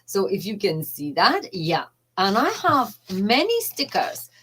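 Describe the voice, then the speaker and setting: A middle-aged woman life coach talking in a casual, earnest and halting way, often emotional, with non-native phrasing. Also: medium pitch, wildly swooping pitch, a bit bright, a little hiss or hum, rough recording.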